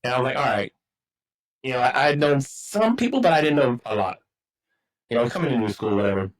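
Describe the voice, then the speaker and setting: A middle-aged man from Texas swaps stories in a relaxed podcast chat. He rambles, swears freely and acts out the lines of the people in his tales, and his pitch sits in the ordinary middle range. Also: fairly quick, low-quality recording. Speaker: podcast guest, football coach. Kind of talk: casual storytelling.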